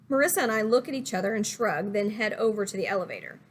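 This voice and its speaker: A woman reading a first-person story aloud in an even, conversational storytelling manner. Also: mid-range voice, quick pace, a little hiss or hum. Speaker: audiobook narrator.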